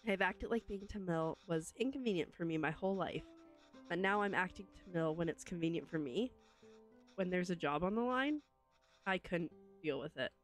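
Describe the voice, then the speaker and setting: An earnest young adult son, weighed down by guilt and unsure of himself, read aloud by a woman from a story game. The voice sits fairly low and plain. There is a faint bed of game music behind it. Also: animated, moderate pace, close to an everyday voice. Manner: reads game dialogue aloud in a near-plain voice.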